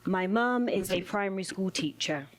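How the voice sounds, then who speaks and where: A woman delivering a spoken word performance in a measured, rhythmic way, returning to repeated refrains. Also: medium pitch, lively intonation. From United Kingdom.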